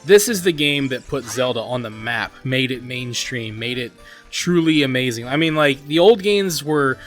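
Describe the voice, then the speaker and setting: A man's voice: medium pitch, expressive, normal speed. Earnest, rambling man narrating his gameplay. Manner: rambling and earnest, with many "like" and "you know" fillers. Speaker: gaming channel host. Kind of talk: casual gameplay commentary. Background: faint game music.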